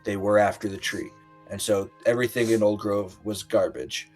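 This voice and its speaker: A man recapping a tabletop game session in a rambling, halting way with lots of fillers, acting out quotes. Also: lowish voice, fairly even intonation, faint music behind. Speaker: player recapping the last session.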